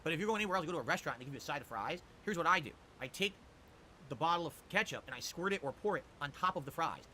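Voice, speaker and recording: A man streaming live, answering chat questions with quick, opinionated rants. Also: a little high, expressive, bright, forceful tone, a little hiss or hum. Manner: rapid, opinionated ranting. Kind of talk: livestream chat reply.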